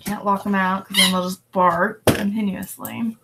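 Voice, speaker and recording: A woman's voice: medium pitch, normal speed, heavy background noise. A woman vlogging casually while she works on her reselling listings, rambling along and breaking off to talk to her pets. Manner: relaxed, rambling, talks to her pets in between. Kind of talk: casual chat while working. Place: at home with dogs and a cat around.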